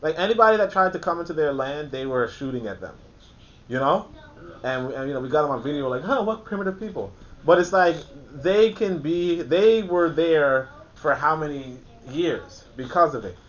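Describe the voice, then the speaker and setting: A man's voice: expressive, moderate pace. A man hosting a casual book discussion, rambling with lots of fillers and restarts and frequent laughs. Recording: muffled, faint background rumble.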